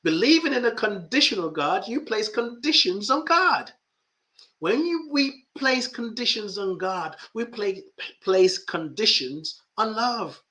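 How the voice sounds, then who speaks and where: Slow, bright-voiced man coaching reflectively. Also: sits high, expressive. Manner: reflective, repeats phrases for emphasis. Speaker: life coach and podcast host. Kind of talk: spiritual podcast talk.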